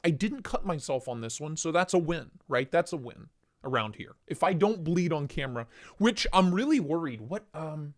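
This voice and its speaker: A man hosting a casual livestream, joking and rambling as he shows off gear and greets viewers by name. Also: a little high. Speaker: livestream host reviewing knives and lights.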